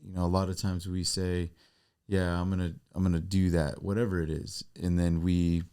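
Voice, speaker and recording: A man with a very low voice, co-hosting a casual faith-based podcast chat. He talks reflectively and poses questions to the listener. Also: level tone, normal speed, mellow, clean tone. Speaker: podcast co-host.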